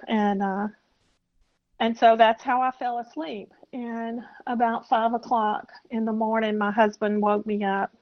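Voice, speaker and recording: A woman in her sixties from South Carolina, a podcast guest telling a personal story in a soft, halting, reflective way. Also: mid-range voice. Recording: muffled lo-fi audio.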